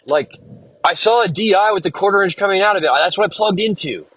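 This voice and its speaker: A man's voice: high voice, fast, a bit bright, husky. A man hosting a solo podcast, rambling casually and venting with a lot of swearing. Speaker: podcast host and musician.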